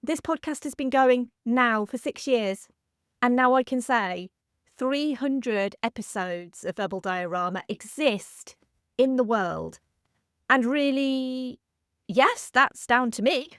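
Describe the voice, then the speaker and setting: A woman's voice: a little high, lively intonation, slow pace, fairly bright tone, clear, resonant tone, no room sound, clean studio sound. A woman in her thirties hosting a film history podcast, speaking earnestly and gratefully, a little emotional. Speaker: podcast host. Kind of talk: heartfelt solo podcast monologue.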